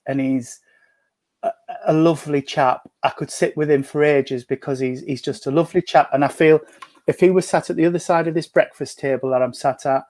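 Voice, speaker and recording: A man giving a gentle, chatty mediumship reading at home over a video call, full of endearments. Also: fairly high pitch, no echo. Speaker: spiritualist medium. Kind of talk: mediumship reading in an online service. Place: at home at a breakfast table.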